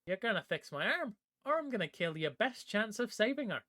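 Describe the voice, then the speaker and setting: A man voicing a fierce, tough female Kithkin archer in an audiobook, sharp and commanding. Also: high-pitched, big pitch swings, brisk, no room sound, clean studio sound, voice pushed up, exaggerated voice. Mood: threatening.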